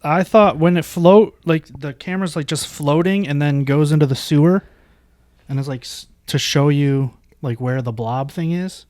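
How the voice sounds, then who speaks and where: A man's voice: fairly high pitch, normal speed, darkish tone, no echo, clean studio sound. A man co-hosting a podcast, enthusiastically talking through a movie in casual chat. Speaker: podcast co-host.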